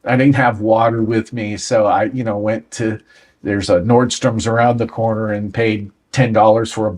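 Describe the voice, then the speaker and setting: A man's voice: on the low side, fairly even intonation, normal speed, darkish tone. A man in his sixties, a guest on an interview show, tells stories from his career and acts out the dialogue. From United States. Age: 60s. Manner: anecdotal, acts out quoted dialogue. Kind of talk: storytelling interview.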